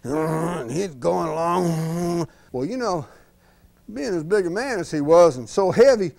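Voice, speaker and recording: A man's voice: fairly high pitch, unhurried, gravelly. A man telling a folksy tall tale, laughing along and acting out sound effects. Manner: animated, laughs at his own story, acts out sound effects. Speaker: storyteller.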